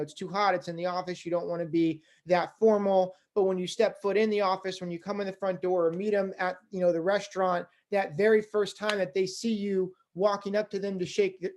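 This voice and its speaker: A fundraising instructor gives a conversational lecture in a medium-pitched voice, sprinkling in lots of casual fillers. When excitement builds, the delivery grows louder and faster.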